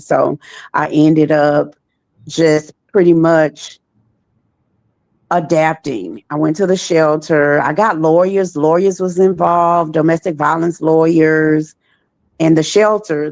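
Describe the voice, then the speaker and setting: Woman, trafficking survivor guest, deep gravelly voice, halting repetitive delivery. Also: darkish tone, no echo. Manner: slow, halting, repeats phrases. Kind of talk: personal testimony.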